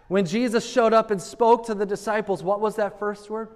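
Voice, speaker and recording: A male pastor with a high voice gives an earnest, conversational sermon. A long hall reverb trails his words. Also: fairly even intonation, moderate pace, hardly any pauses, darkish tone. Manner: conversational, earnest, rhetorical asides.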